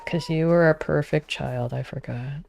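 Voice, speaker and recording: A woman's voice: low-pitched, moderate pace, vocal fry, a little mellow. A woman streaming a game, chatting casually and teasing her viewers.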